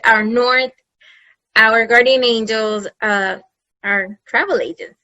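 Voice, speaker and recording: Effusive bright-voiced woman hosting a webinar. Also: on the high side, slow, dry recording, low-quality recording. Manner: enthusiastic, effusive, repeats phrases for emphasis. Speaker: webinar host. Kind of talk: presenting a webinar.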